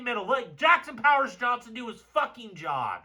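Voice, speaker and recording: Male film analyst, high bright voice, hot-headed and profane, breaking down game tape. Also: normal speed, slightly rough. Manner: excitable, profane, gets fired up.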